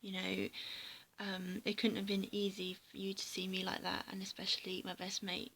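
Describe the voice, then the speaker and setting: A tearful woman vlogging a heartfelt personal message on a handheld camera, speaking haltingly and often dropping into a breathy half-whisper. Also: medium pitch, completely flat delivery, a bit bright, slight background noise, poor audio. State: tearful, emotional. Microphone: handheld camera mic.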